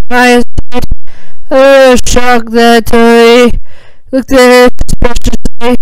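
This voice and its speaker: A woman reading fan fiction aloud as narrator, slow and even with small hesitations. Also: on the high side, clean tone, no echo, rough recording.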